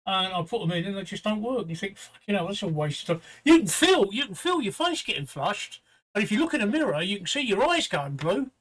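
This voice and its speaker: A man's voice: high voice, very animated, brisk, a bit bright. An older man hosting a casual livestream chat from home. He talks bluntly with crude humour and many fillers. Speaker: host.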